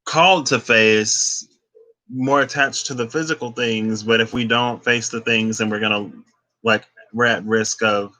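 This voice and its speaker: A man's voice: lowish voice, pushed and bright. A young man giving a casual, rambling tarot reading, thinking aloud and restarting his phrases often. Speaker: tarot reader.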